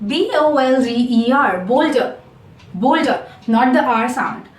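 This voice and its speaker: A woman with an Indian accent teaching phonics, switching between English and Hindi and slowly repeating sounds for learners. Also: sits high, roomy sound, recorded from a distance, soft background music. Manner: slow, careful modelling of sounds. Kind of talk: online lesson mixing English and Hindi.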